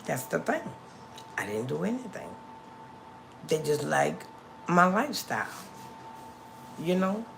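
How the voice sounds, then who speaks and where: A woman's voice: sits low, sing-song, unhurried, vocal fry, long pauses, a bit bright, a little hiss or hum. A middle-aged woman hosting a casual livestream, chatting to her viewers and repeating lines for emphasis, recorded on a phone. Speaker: livestream host.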